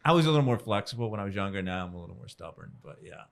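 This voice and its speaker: A man's voice: on the low side, animated, very fast, creaky. Rambling, swearing male comedian. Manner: rambling, self-deprecating storyteller, swearing freely. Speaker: comedian guest. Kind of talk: casual podcast chat.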